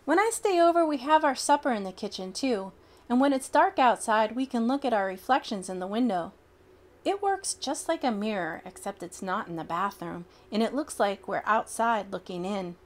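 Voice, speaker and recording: A woman reading a children's picture book aloud in an expressive, childlike storytelling manner. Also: a little high, moderate pace.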